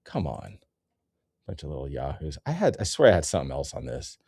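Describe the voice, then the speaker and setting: A man's voice: rumbling low, huge pitch swings, fairly quick, a little mellow, husky, no room sound. A man ranting in a sarcastic, rambling comedy commentary, cursing often.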